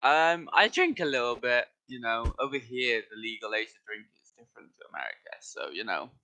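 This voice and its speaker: Bright-voiced guest streamer. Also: male voice, medium pitch, brisk, poor audio. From Wales, UK. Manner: candid, animated storytelling. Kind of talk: casual livestream chat.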